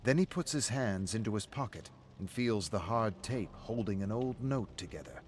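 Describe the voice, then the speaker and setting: A man narrating a story in an even, measured reading style. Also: fairly low pitch, faint music behind.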